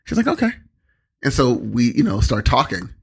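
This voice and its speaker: Rambling, animated man telling a story. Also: medium pitch, normal speed, husky. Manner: rambling anecdotes with many fillers and quoted voices. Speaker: podcast co-host. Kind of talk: casual chat, storytelling.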